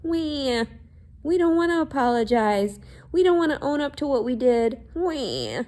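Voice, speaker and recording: A woman's voice: high-pitched, big pitch swings, unhurried, a little mellow, pitched above the performer's own voice. A woman mocking whiny officials as crybabies. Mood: whining. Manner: mocking, sing-song whine.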